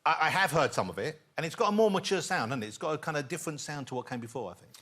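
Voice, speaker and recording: A man's voice: on the high side, animated, rapid-fire. A man hosting a chat show, asking his guests playful, teasing questions. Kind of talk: talk show interview. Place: TV studio with audience. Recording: noisy studio.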